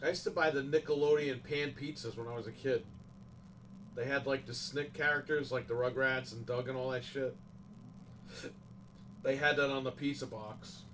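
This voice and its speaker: A man's voice: medium pitch, fairly even intonation, moderate pace, long pauses, a bit bright, distant mic, slight background noise, poor audio. Profane ranting New man. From New York, USA. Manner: profane, ranting, emphatic complaints. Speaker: livestream host. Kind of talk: casual livestream chat.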